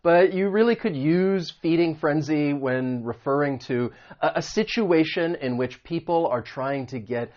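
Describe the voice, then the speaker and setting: A man's voice: on the high side, measured pace, hardly any pauses, highs cut off. A man teaching English vocabulary, explaining meanings and pronunciation patiently with spoken examples. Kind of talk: vocabulary lesson.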